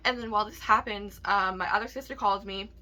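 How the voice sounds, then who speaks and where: A woman's voice: medium pitch, steady tone, fairly quick, pushed and bright. A young woman vlogger telling a personal story in a candid, casual rant, swearing often and leaning on fillers and tag questions.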